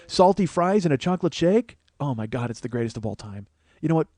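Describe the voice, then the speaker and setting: A man hosting a podcast, telling a comic story full of swearing, growing louder and more animated as it goes. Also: fairly high pitch, fast talker, no room sound. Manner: profane, animated, rising to shouting as the story builds. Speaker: podcast host.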